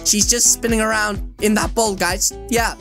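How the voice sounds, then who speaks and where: A woman giving energetic, chatty gameplay commentary into a desk microphone, repeatedly addressing her viewers as guys. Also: medium pitch, moderate pace, faint music behind. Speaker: gaming video creator.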